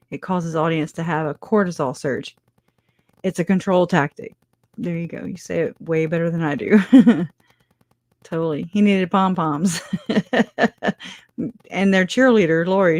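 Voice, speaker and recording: Middle-aged woman, livestream host, lowish voice, dry close sound, chatty, laughs easily. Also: darkish tone, no echo. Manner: chatty, laughs often, many restarts. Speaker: livestream host reading chat. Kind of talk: casual live chat.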